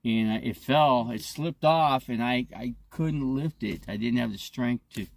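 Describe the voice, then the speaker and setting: Casting note: a gravelly fifties man, chatty host, rambling and cursing through his stories. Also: mid-range voice, unhurried, a little hiss or hum. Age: 50s. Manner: rambling, profane, animated retelling. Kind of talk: casual chat. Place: inside an RV.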